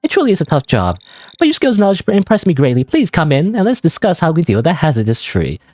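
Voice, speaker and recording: A man's voice: on the high side, wildly swooping pitch, fast talker, a little mellow, dry recording, clean studio sound, pitched above the performer's own voice. A man voicing a sweet-talking old woman in a woodland cottage, gushing and overly polite. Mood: sugary.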